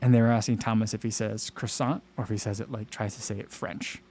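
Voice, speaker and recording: An American man hosting a casual livestream, talking in a rambling, animated way with lots of fillers and restarts. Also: on the low side, fast. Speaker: livestream host.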